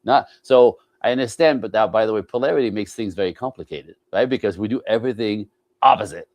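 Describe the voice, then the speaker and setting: A man's voice: fairly low pitch, fast talker, a little mellow, dry recording. A man speaking as a relationship coach in an interview, emphatic, constantly checking in with "right?" and acting out other people's voices. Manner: emphatic, repeats "right?", slips into mimicking voices. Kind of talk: animated interview talk.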